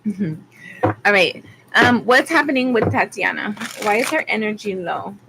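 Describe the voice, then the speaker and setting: A woman's voice: mid-range voice, expressive, normal speed, background noise. A woman from Arizona giving a rambling, chatty live-stream tarot reading, with frequent ums. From Arizona, USA. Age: adult with school-age kids. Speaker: tarot reader.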